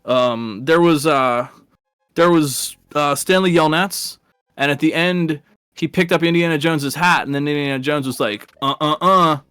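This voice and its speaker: A man's voice: a little high, normal speed, fairly bright tone, smooth, no echo, studio quality. Chatty rambling male race commentator. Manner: rambling and chatty, laughs at his own stories. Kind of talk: casual live stream commentary.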